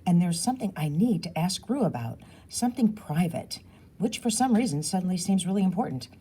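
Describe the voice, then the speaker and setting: A woman reading a children's novel aloud in a lively, expressive storytelling manner. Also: fairly low pitch, brisk, breathy edge. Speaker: audiobook reader.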